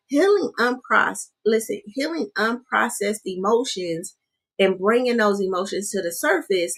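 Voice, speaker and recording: A woman's voice: medium pitch, a bit bright. A woman giving a live-streamed coaching talk, chatting with her audience, often asking "right?" and calling them "you guys" and "honey.". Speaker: life coach.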